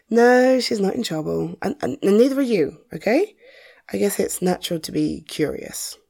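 A woman's voice: medium pitch, expressive, vocal fry, a little mellow, breathy edge, full character voice. A woman, acting a confident, wealthy mother who teases and flirts in a listener-directed audio role-play. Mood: flirtatious. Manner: teasing, self-assured, slow and playful.

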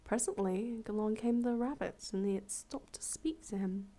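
With a medium-pitched voice at a moderate pace, a woman storyteller reads a fable aloud, keeping it relaxed and chatty with casual asides and self-corrections.

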